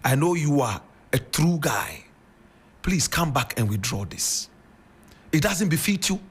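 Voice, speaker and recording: A man's voice: fairly high pitch, very animated, measured pace, slightly rough. A man with a Ghanaian accent giving impassioned commentary, emphatic and preaching, firing rhetorical questions. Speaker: radio commentator.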